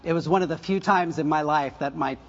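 An older man preaching a conversational sermon, full of asides and self-corrections and soft laughs at his own stories. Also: fairly high pitch, fairly quick, lo-fi sound, a little hiss or hum. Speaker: pastor.

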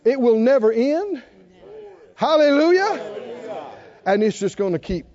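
A man preaching a sermon, swinging between loud, animated calls and hushed asides. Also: very high voice, measured pace, lo-fi sound. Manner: animated preaching, mimics whiny voices and swings from shouting to hushed.

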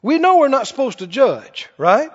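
A man preaching a sermon in an animated, conversational way to a church congregation. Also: very high-pitched, normal speed. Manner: animated, conversational, acts out quoted voices. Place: church hall. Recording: dull recording with long hall reverb.

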